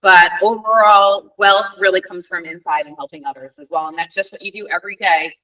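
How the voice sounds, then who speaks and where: A woman's voice: mid-range voice, fairly even intonation, brisk, sharp tone. A woman moderating a virtual Q&A for students, with an upbeat, encouraging manner. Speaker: event moderator. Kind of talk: hosting a virtual Q&A. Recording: distant mic on a virtual event.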